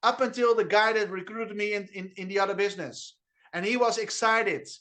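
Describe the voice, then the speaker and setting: High, brisk, bright, and forceful, the voice belongs to a Dutch man with a Dutch accent giving an energetic network marketing training by video call. He's enthusiastic and repetitive, stuttering and restarting as he drives his points home.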